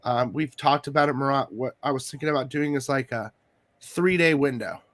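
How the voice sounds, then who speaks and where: A man hosting a casual interview about comic collecting, chatty and excitable, coughing from allergies. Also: medium pitch, brisk. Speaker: host.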